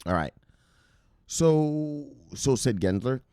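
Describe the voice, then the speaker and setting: Animated, laughing male crypto commentator. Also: fairly low pitch, a little slow, no echo, studio quality. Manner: rambling, laughing, profane, animated. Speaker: crypto news host. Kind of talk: casual news commentary.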